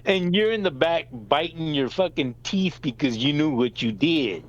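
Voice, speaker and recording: Animated middle-aged dad telling stories. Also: male voice, fairly high pitch, normal speed, highs cut off. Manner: animated storyteller, swears, acts out quoted lines. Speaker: father, podcast co-host. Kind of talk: casual storytelling chat.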